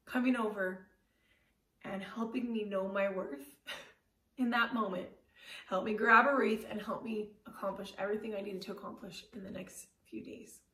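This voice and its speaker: Candid woman storyteller, echoey and distant. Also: mid-range voice. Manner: candid, animated, self-deprecating with casual fillers. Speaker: motivational speaker. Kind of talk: personal storytelling talk. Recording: roomy echo, voice from far off the mic.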